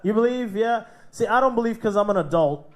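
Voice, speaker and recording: A man's voice: sits high, expressive, brisk, slight background noise. Brash Australian man doing crude stand-up. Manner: brash, swearing, laughing at his own jokes. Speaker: comedy show host and comic. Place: live comedy club stage.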